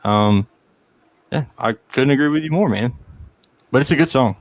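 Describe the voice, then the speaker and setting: A man's voice: medium pitch, normal speed, no echo. A man co-hosting a live music chat stream, casual and laid-back, with lots of laughing and filler like "dude" and "man". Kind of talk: casual banter.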